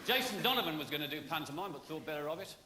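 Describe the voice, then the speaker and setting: Man, stand-up comedian, high-pitched, wry chatty delivery, big theatre hall reverb. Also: expressive, rapid-fire. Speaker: comedian hosting a theatre show. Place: large theatre stage. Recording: long theatre reverb, loud noise.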